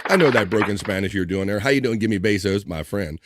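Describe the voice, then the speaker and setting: A man's voice: on the low side, expressive, fairly quick, heavy background noise. A man hosting a live stream, casually reading out chat messages with loose slang and frequent laughter. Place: home streaming setup.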